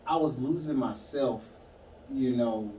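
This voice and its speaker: Man guest, mellow dark voice, halting and reflective, echoey room heard from a distance. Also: mid-range voice. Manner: halting, reflective, many fillers. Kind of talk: casual conversation, personal story. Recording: echoey room, far mic, some noise.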